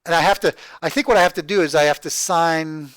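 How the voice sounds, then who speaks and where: A man walking through his project spreadsheet on screen, thinking aloud in a halting, rambling way, repeating words and tagging sentences with "right?". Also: a little high, fairly bright tone, no room sound. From Texas, USA. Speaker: crowdfunding project vlogger. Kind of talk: rambling screen-share walkthrough.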